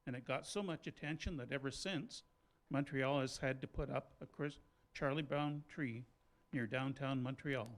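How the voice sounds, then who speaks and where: A man's voice: mid-range voice, normal speed. A man from northern Ontario calling in to a local show and telling a story with dry humor. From northern Ontario, Canada. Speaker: caller. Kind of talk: phone-in chat telling a story. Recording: noisy phone line with clicks.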